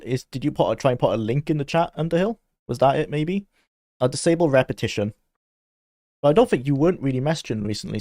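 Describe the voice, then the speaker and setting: A man's voice: medium pitch, darkish tone, no room sound, studio quality. A young man chatting casually on a game stream, laughing often and talking to his chat.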